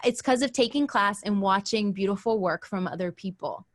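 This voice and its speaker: A woman teaching an acting class in a chatty, animated way, acting out lines as she explains. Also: medium pitch, normal speed. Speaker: acting coach.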